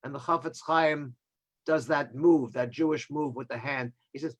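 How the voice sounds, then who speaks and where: Rabbi, male, wry storyteller, slightly high voice, video call sermon. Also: steady tone, normal speed, rough recording. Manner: wry, joking asides.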